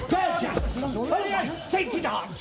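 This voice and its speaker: An actor playing a prim, peevish vicar in a TV sitcom. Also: male voice, very high voice, very animated, normal speed, creaky, over loud music, a loud crowd, exaggerated voice. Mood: tetchy. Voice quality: prim and tetchy. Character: peevish, prissy male vicar. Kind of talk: 1970s TV sitcom acting.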